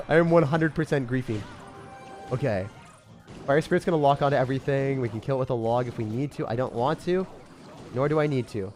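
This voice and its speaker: A man giving excited, self-mocking commentary over his own gameplay, full of gamer slang, swinging from hype to groans. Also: medium pitch, brisk, faint music behind. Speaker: gaming creator.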